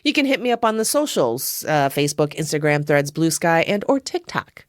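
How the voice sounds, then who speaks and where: A woman's voice: deep voice, sing-song, normal speed, dry recording, studio quality. A woman hosting her own podcast, giving a casual, rambling film review with frequent chuckles and self-deprecating asides. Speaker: podcast host.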